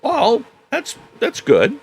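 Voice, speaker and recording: A man hosting a podcast, chatting casually in a halting way with frequent "uh" pauses. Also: very high-pitched, wildly swooping pitch, vocal fry, slightly rough. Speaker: podcast host. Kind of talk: casual chat.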